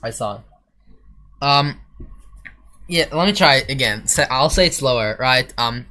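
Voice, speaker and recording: A man's voice: medium pitch, moderate pace, long pauses, pushed and bright. A man streaming casually while building a game level, rambling and chatting back to his viewers. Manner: rambling, answering chat, mangling French phrases.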